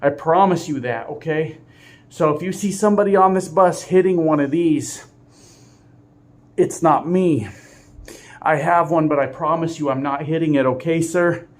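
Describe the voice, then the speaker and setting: A man's voice: on the high side, normal speed, pitched above the performer's own voice, lightly acted. A man voicing a panicky young male bus passenger who nervously pleads and repeats himself. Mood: pleading, frantic.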